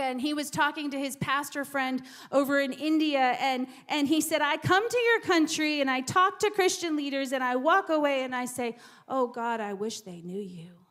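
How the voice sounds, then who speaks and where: Woman preacher, high voice, sermon w/ lots of stammered repeats and sudden whispers, church stage. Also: a bit bright. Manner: repeats words, drops to whispers for emphasis.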